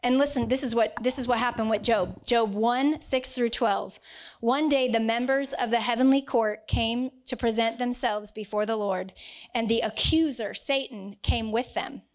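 A woman with a voice on the high side preaches a sermon to a congregation at a moderate pace, reading scripture aloud. She is earnest and emphatic and acts out the voices she quotes.

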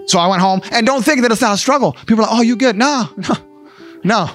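A man with a high-pitched voice tells his story as a testimony, fervent and earnest, driving points home by repeating them. Soft guitar music plays faintly behind him. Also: fast talker. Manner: fervent, repeats phrases for emphasis. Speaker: speaker sharing a personal testimony. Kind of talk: emotional spoken testimony.

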